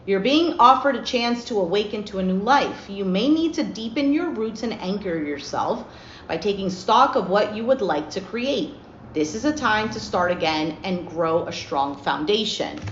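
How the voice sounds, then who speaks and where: Woman tarot reader, casual and talkative, faint hiss behind, roomy sound. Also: medium pitch. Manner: chatty, animated, acts out little dialogues. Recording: roomy, slightly dull with faint noise.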